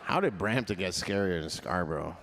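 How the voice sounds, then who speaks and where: A man doing crowd-work stand-up comedy, loose and profane, laughing often and swinging his pitch up and down. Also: animated, brisk, fairly bright tone, slight background noise.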